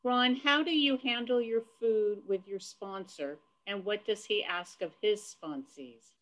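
Unhurried woman moderator reading questions. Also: medium pitch, fairly bright tone. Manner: polite, brief.

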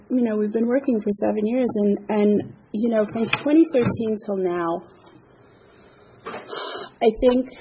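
A woman's voice: medium pitch, muffled recording, slight background noise. A middle-aged woman giving candid personal testimony as the speaker at a recovery meeting, self-mocking and often laughing.

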